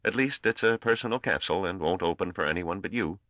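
A man's voice: deep voice, quick pace, pushed and bright, no room sound, highs cut off, pitched above the performer's own voice. A man doing a brash young space trader. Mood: breezy.

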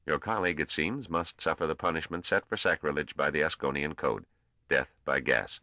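Narrator doing a squeaky, scornful old ruler, clipped and cold, dull cassette sound. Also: male voice, fairly quick, pushed and bright, no echo, full character voice. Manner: snapping, intoning, coldly formal. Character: small old balding male ruler, scornful and curt. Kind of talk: audiobook character voice.

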